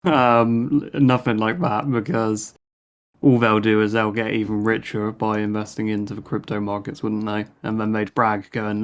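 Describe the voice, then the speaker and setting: A man's voice: on the low side, little pitch movement, moderate pace, clean tone. A man, talking in a casual podcast panel discussion, chatty and fond of tag questions.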